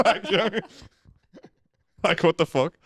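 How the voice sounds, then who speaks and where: A man's voice: high voice, lively intonation, unhurried, a bit bright. A young man co-hosting a comedy debate podcast, joking, teasing and swearing freely. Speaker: co-host. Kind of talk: casual comedy debate chat.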